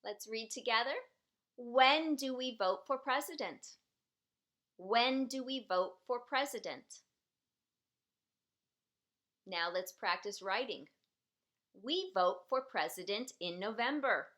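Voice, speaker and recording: A woman's voice: a little high, animated, slow, long pauses, pushed and bright. A woman teaching a citizenship preparation class, patiently repeating each question and sentence so learners can follow. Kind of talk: slow, clearly enunciated teaching.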